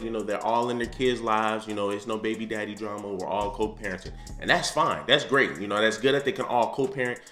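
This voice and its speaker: A man's voice: fairly low pitch, a bit bright. A man giving blunt, opinionated commentary with a slangy manner, repeating his points like a preacher. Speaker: commentary host reacting to a dating show clip. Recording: roomy echo, faint music behind.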